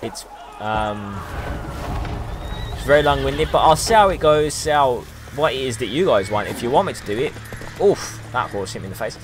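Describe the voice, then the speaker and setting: A man's voice: mid-range voice, lively intonation, moderate pace, noisy background. A young man from the UK giving casual let's-play commentary as a streamer, rambling and exclamatory with lots of ums. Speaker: gaming streamer.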